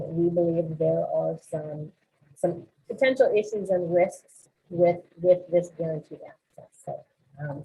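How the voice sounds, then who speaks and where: Woman, low-pitched voice, legislative recap webinar, lots of ums, tinny phone-like line. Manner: businesslike, frequent ums and uhs. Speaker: presenter at a school boards association webinar. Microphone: online webinar call.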